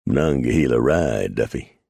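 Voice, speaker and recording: A man voicing a grizzled, dry-humored male mountain man with an unhurried frontier drawl, read as an audiobook. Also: a bass voice, lively intonation, creaky, warm tone, husky, dry recording, heavily acted.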